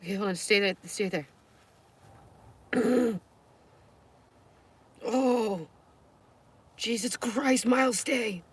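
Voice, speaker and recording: A woman's voice: fairly high pitch, very slow, long pauses, slightly rough. A woman live streaming, chatting casually and talking to her dogs, with squeamish outbursts.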